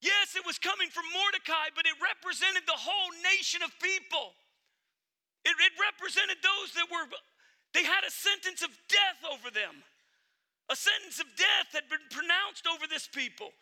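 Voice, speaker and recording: High bright-voiced male preacher. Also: moderate pace. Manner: earnest, emphatic, addresses the congregation directly. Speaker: pastor. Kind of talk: sermon.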